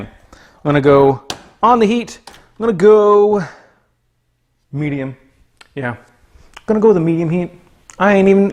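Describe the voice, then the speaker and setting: A man hosting a cooking livestream from his kitchen, chatting playfully and joking with viewers as he cooks. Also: fairly high pitch. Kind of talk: casual livestream chat while cooking. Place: home kitchen.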